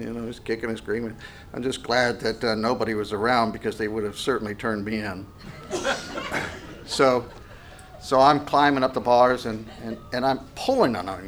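A man's voice: lowish voice, fairly bright tone, a little hiss or hum. Earnest male preacher, conversational. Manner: earnest, conversational preaching with many restarts and fillers. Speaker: pastor. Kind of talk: sermon.

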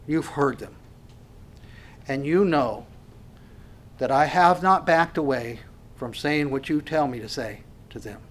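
Male pastor, sermon delivery, earnest and emphatic, slightly high voice, repeats and restarts phrases. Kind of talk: expository sermon.

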